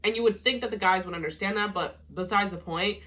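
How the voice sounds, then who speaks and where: Woman, bright timbre, casual reality-TV recap, heated and profane. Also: mid-range voice, quick pace, a little hiss or hum. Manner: heated, profane, exasperated ranting. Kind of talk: casual reaction commentary.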